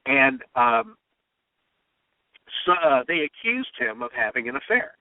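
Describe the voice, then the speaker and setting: A man's voice: medium pitch, very animated, measured pace, no room sound. A man who writes political humor, telling anecdotes and mimicking the people he quotes. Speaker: comedy writer. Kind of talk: storytelling interview talk. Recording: tinny phone-line sound.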